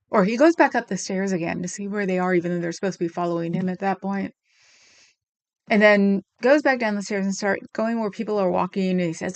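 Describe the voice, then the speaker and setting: A middle-aged woman hosting a livestream, chatting casually and sarcastically as she recounts a video and reads comments aloud, with frequent ums. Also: medium pitch. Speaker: livestream host.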